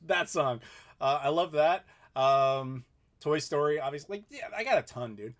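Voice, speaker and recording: A man in his thirties chats easily through a live question-and-answer stream from his home. His voice sits a bit high for a man. He laughs often and keeps things relaxed at a desk mic. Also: normal speed. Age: 30s. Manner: easygoing and chatty, laughs often. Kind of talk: casual live Q&A chat. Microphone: desk mic in front of him.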